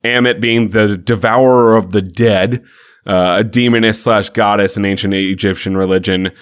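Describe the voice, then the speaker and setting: A man's voice: on the low side, fairly even intonation, normal speed, clean tone. A man co-hosting a podcast, recapping a TV episode in a loose, profane, joking way. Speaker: podcast co-host. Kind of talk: casual chat recapping a TV episode.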